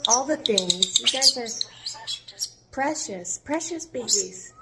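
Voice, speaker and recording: A woman's voice: fairly high pitch, lively intonation, slow, creaky, very noisy. A woman talking to her pet birds in cooing, affectionate baby talk. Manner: sing-song, affectionate. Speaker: pet bird owner. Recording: loud bird chirping behind.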